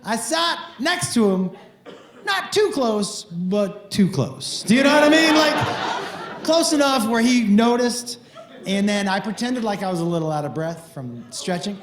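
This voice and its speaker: A middle-aged man doing stand-up, telling crude stories in a playful, animated way with sudden loud outbursts. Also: high-pitched, moderate pace. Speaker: stand-up comedian. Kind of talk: stand-up storytelling. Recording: roomy echo with faint noise.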